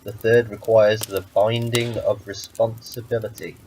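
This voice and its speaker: A man voicing a calm talking rattlesnake who grants wishes, patient and dryly joking as he explains. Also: lowish voice, unhurried, noisy background, close to an everyday voice. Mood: wry.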